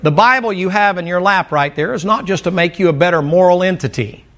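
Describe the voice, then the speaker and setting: A man's voice: sits high, a little fast, fairly bright tone. A middle-aged male pastor from the American mountains, preaching a sermon in a folksy, storytelling way with humorous asides. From American mountain region.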